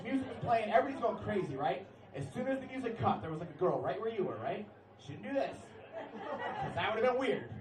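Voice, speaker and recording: A young man performing a brash stand-up comedy set in a comedy club, now and then bursting into shouted announcer-style bits. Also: sits high, animated, fast talker, distant mic. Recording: roomy club sound from off-mic, loud crowd laughter.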